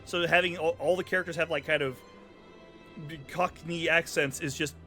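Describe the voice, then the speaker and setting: A man's voice: a little high, fairly even intonation, moderate pace, fairly bright tone. A man streaming a video game, chatting casually and joking, sometimes slipping into silly accents. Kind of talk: casual gameplay commentary. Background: game music.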